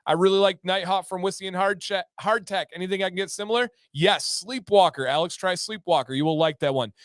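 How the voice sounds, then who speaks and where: A man hosting a casual livestream, reading viewer comments in an upbeat, excitable way with sudden loud whoops. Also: high-pitched, brisk, dry recording, studio quality. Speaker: livestream host.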